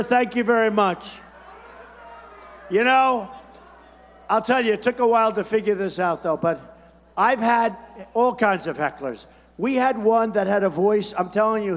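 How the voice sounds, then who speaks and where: A man in his seventies giving a campaign speech at a rally, in short, repetitive, boastful phrases. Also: sits high. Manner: repetitive, punchy, boastful, shouting over a crowd. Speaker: political candidate at a rally. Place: large rally hall. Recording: long hall reverb from a big arena.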